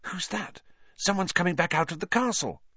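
A man's voice: fairly high pitch, lively intonation, dry recording, highs cut off, pitched above the performer's own voice. A man voicing an anxious, clever teenage schoolgirl who speaks tensely. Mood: tense worried. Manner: tense, worried, breathy quick.

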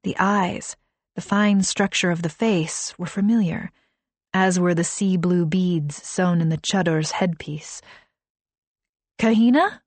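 A woman narrating a novel in a measured, soft-spoken reading voice, lightly voicing the dialogue. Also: lowish voice, fairly even intonation, dry recording. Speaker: audiobook narrator. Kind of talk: scripted narration.

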